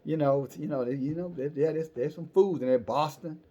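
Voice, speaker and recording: A man's voice: a little high, brisk, mellow, lightly acted. A man voicing the biblical Abraham as a streetwise, profane old man who bargains and pleads. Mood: casual.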